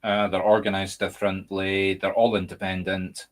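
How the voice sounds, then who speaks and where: A man's voice: deep voice, little pitch movement, normal speed. A Scottish man hosting a casual chat over a video call, speaking emphatically and candidly. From Scotland. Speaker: medium and podcast host.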